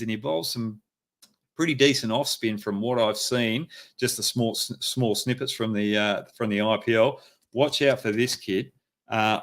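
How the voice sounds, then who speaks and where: A man's voice: on the low side, a bit bright. A middle-aged Australian man hosting a live show, giving emphatic, coaching-style analysis with frequent fillers. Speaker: host.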